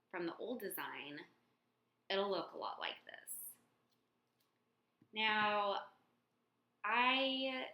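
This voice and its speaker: A young woman in a casual beauty vlog, talking in a halting way with many fillers and restarts. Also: mid-range voice, bright, forceful tone. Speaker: beauty vlogger. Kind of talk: casual product comparison vlog. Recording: echoey room.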